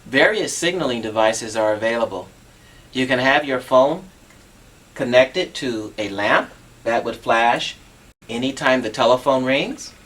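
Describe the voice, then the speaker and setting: A man's voice: medium pitch, animated, unhurried, fairly bright tone. A man demonstrating assistive telephone equipment on a TV show, patient and instructive, walking through each step.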